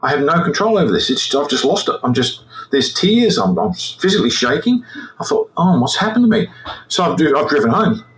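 A man's voice: mid-range voice, sing-song, a bit bright, a little hiss or hum, rough recording. A man in his sixties with an Australian accent, a retired forensic examiner telling his story in an interview, often repeating words as he goes. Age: 60s. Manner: halting, repeats words as he recounts.

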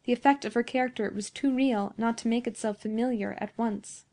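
A woman narrating a classic story in a measured, expressive reading. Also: on the high side. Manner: measured, expressive reading of old-fashioned prose. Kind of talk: scripted narration.

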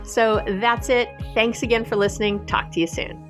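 A woman's voice: on the high side, fairly even intonation, normal speed. Middle-aged woman, relationship podcast host; enthusiastic, chatty, emphatic repeats, faint music bed. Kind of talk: warm direct-to-listener podcast talk.

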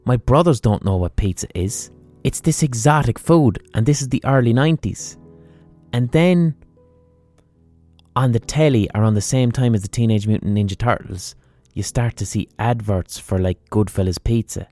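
A man's voice: medium pitch, normal speed, dark tone, soft background music. A man with an Irish accent, likely in his thirties, telling a sweary comic story as a podcast host and animatedly acting out his mother. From Ireland.

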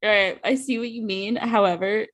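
A woman's voice: mid-range voice, fairly even intonation, moderate pace. A woman co-hosting a book podcast, talking casually and unhurriedly with plenty of fillers. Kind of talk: casual chat.

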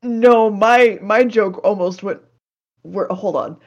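A woman recaps an old episode for her podcast in a loose, sarcastic chat. She sits at an ordinary mid pitch, drops curse words and laughs her way through the plot. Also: slow pace, darkish tone, muffled recording. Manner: sarcastic, swears freely, laughs often.

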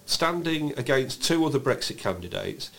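A man co-hosting a casual political podcast, telling stories with incredulous, animated delivery and frequent laughter. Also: fairly high pitch, normal speed. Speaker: podcast co-host.

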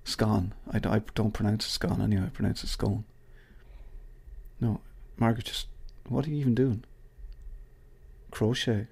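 A middle-aged Irish podcast host with a low, gravelly, slightly husky voice. He rambles through his sign-off in a casual, swearing, joking way. His asides go to an imagined coworker. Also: steady tone, brisk, a little mellow. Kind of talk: casual solo podcast outro.

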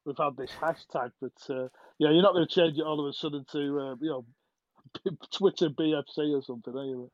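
Man, higher voice, dry, dull lo-fi sound, self-deprecating podcast chat. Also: fairly quick. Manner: laughs easily, self-deprecating. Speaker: podcast co-host. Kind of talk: casual football podcast chat. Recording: dull lo-fi line.

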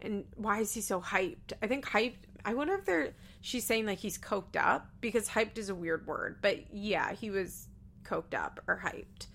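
A woman talks through a reality show episode in a loose, chatty recap, laughing often as she goes. Her voice sits at an ordinary middle pitch. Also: expressive, measured pace, gravelly, fairly bright tone. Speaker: podcast host.

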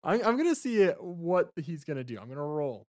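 A man narrating a tabletop game as game master, a lively storyteller. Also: on the high side, a little fast.

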